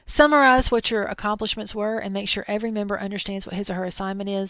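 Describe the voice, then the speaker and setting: A woman's voice: medium pitch, fairly even intonation, quick pace, a bit bright, no echo. Chatty Southern woman lecturing. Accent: thick Southern US. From Arkansas, US South. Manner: chatty, digressive, with asides and acted-out quotes. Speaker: instructor. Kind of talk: recorded lecture.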